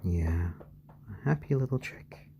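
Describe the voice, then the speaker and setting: A man hosting a live stream, talking softly to his baby chicks in a low-key, soothing way and answering viewers' questions. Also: animated, a little slow, creaky, a little hiss or hum. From born in Japan to British parents.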